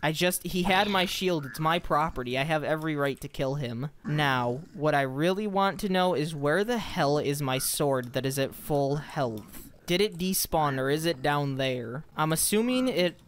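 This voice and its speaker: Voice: medium pitch, animated, moderate pace, hardly any pauses, slight background noise. Exasperated, foul-mouthed gameplay commentator. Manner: frustrated, swears freely, talks to game characters. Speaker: gaming channel host.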